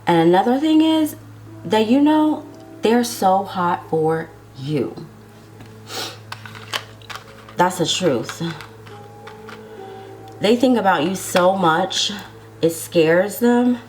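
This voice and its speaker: Over soft background music, a tarot reader delivers a casual love reading to her viewers in a mid-range, slightly mellow voice with lively intonation. Her words stretch out as she chats along, tagging many lines with "okay?"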